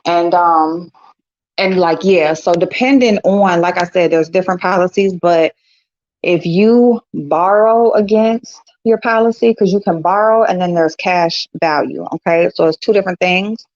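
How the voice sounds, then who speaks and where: A woman's voice: fairly low pitch, unhurried, darkish tone, no echo. A middle-aged woman hosting a casual chat with viewers, talking bluntly and swearing freely. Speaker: host. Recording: dull lo-fi sound.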